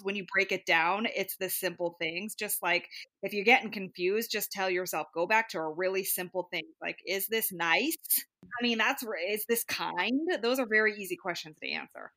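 Bright-voiced chatty woman co-host. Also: medium pitch, a little fast, dry recording. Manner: chatty, lots of "like" fillers. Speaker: podcast co-host. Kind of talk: casual chat.

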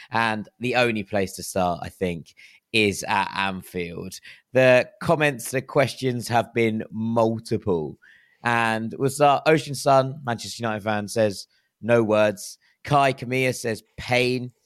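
A man in his thirties leads a casual sports podcast with a slightly low voice. He keeps things chatty, with wry asides about himself. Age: 30s. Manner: chatty, self-deprecating, quick asides. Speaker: podcast host. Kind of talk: casual football podcast chat.

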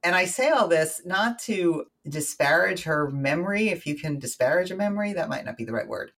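An American woman, a guest on an interview show, spinning out a personal story in easy conversation. She is animated and chatty, and she keeps dropping wry little asides as she goes. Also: fairly low pitch, fairly quick. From United States.

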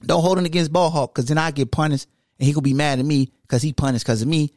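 A man voicing a petty, cheeky male alter ego who needles with rapid-fire taunting questions in podcast banter. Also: fairly high pitch, steady tone, a little mellow, no echo, clean studio sound, close to an everyday voice. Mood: playful.

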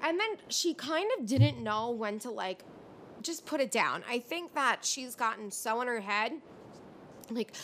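A woman's voice: a little high, measured pace, a little hiss or hum. Ranting young woman recapping reality TV. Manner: ranting, animated, frustrated. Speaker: podcast host.

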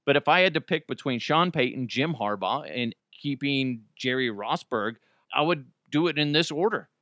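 A man's voice: medium pitch, expressive, normal speed, pushed and bright, no room sound, lo-fi sound. A man hosting his own podcast, talking casually and jokingly, rambling with frequent restarts. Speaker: podcast host. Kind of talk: casual solo podcast monologue.

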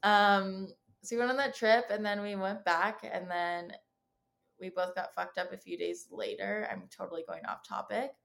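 A woman's voice: medium pitch, steady tone, moderate pace, vocal fry, a bit bright. A woman in her twenties telling candid stories in a casual chat, acting out the lines of people she quotes and swearing freely. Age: 20s. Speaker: podcast guest.

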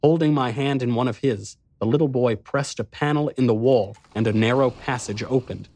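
A man giving intense first-person dramatic narration of a dark story. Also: mid-range voice, normal speed, dry recording.

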